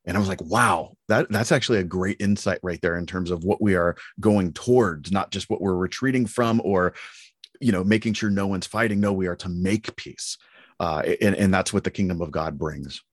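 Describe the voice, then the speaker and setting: A man co-hosting a podcast, telling stories in an animated, affirming way in casual discussion. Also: low voice, fairly quick, no echo, clean studio sound. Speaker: podcast co-host.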